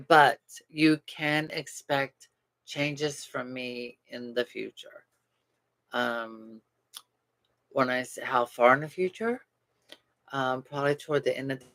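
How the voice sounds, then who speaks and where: Creaky-voiced chatty man vlogging. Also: mid-range voice. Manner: chatty, rambling, animated, laughs easily. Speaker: doll channel vlogger. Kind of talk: casual chat.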